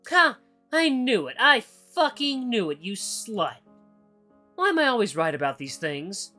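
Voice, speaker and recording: A bitter, possessive ex-boyfriend from a visual novel , put on by a man, his voice pushed higher and swinging as he nags and accuses. The tone is bright and sharp. Soft guitar music plays faintly behind him. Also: huge pitch swings, fairly quick, heavily acted. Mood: spiteful, furious. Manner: whiny, accusing, raised pitch. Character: bitter possessive male ex, clingy and spiteful.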